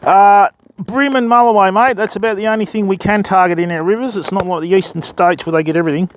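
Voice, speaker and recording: A man's voice: sits high, steady tone, quick pace, a little hiss or hum. An Australian man from Western Australia chatting casually with viewers while fishing on a live stream. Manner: matey, chatty, talks to viewers by name. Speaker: fishing livestreamer. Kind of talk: casual livestream chat. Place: riverbank outdoors.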